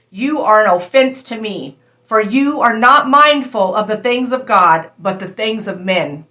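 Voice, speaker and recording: A woman with a bright, fairly high voice delivers a prophetic word as a sermon. She speaks earnestly, retelling a scripture passage and then talking to her listeners in a casual, direct way. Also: animated, measured pace. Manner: earnest, conversational, addresses listeners as "you guys". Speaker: prophetic preacher.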